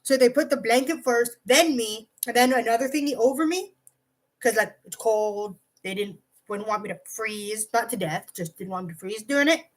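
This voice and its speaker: On poor audio, a woman with a voice on the high side speaks at a moderate pace. This vlogger's storytime monologue is rambling and profane, crammed with "like" and animated asides.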